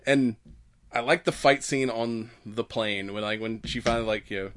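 A man's voice: mid-range voice, moderate pace, a bit bright, slight background noise. Male podcast co-host, loose rambling delivery, frequent laughter and cursing, retells scenes with voices. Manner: rambling, laughing, swearing often, acting out scenes. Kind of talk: casual chat.

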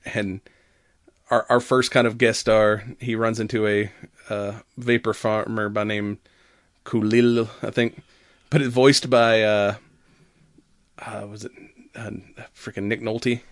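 Male co-host, casual and animated, acts out lines, dry room. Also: on the low side, slow, long pauses, no echo. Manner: animated, laughs often, acts out quotes. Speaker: podcast co-host. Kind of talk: casual chat.

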